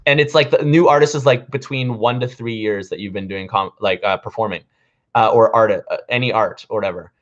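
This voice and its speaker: A man's voice: lowish voice, fairly quick. A man in his thirties, a comedian, chatting casually to camera in a rambling way, with lots of fillers and restarts, in a dull lo-fi recording. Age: 30s. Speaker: vlogger and comedian.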